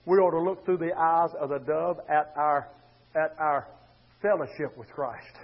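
A man's voice: a little high, measured pace. A man preaching a fervent, rhythmic sermon and calling out to his congregation. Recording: dull lo-fi sermon recording.

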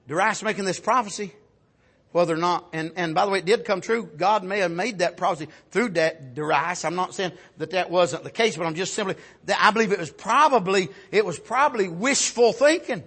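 A man preaching a fervent sermon, often rising to shouts and punctuating his points with amens. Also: high-pitched, fairly quick, slightly rough.

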